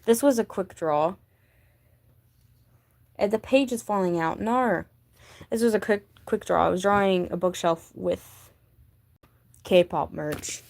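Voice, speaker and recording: Slow, low-pitched rambling young woman. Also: vocal fry, a little mellow. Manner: rambling, with many fillers; gushing fan talk. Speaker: vlogger showing her sketchbook. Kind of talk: casual chat.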